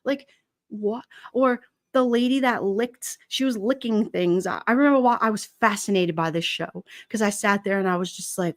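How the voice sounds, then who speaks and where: A woman's voice: medium pitch, moderate pace, dry recording, clean studio sound. A middle-aged woman hosting a casual live-stream chat, rambling, laughing often and reading out viewer comments. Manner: chatty, laughs often, rambling with many fillers. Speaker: livestream host.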